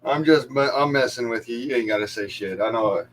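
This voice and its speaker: A male host in casual chat, teasing and profane, quick to laugh loudly. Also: mid-range voice, slight background noise.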